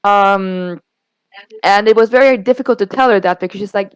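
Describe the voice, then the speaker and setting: A woman's voice: mid-range voice, moderate pace, smooth, no room sound, poor audio. A young woman co-hosting a podcast, candidly retelling a bad date and quoting the conversation. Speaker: podcast co-host. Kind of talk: casual storytelling.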